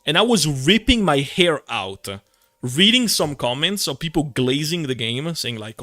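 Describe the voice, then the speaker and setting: Chatting with viewers as he plays, a male streamer rants casually, cursing frequently and filling his speech with fillers. His fairly high voice has lively intonation and sounds pushed and bright, though he isn't in a hurry.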